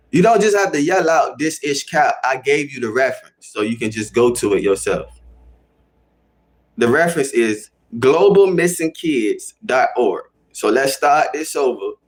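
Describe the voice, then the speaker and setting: A young man with a Chicago accent hosting a casual livestream, talking to his chat in a slangy, animated way and repeating himself for emphasis. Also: mid-range voice. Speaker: livestream host.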